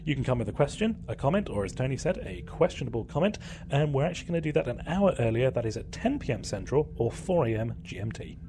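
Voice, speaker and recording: A man's voice: medium pitch, very animated, quick pace. A man co-hosting a podcast, taking calls and joking in playful, wordy banter. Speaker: podcast co-host. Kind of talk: casual chat.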